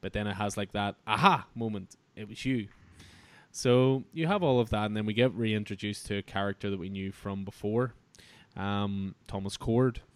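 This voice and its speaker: A man hosting a casual comic book podcast, relaxed and chatty, laughing often. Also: lowish voice, normal speed, clear, resonant tone, no room sound. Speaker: podcast host.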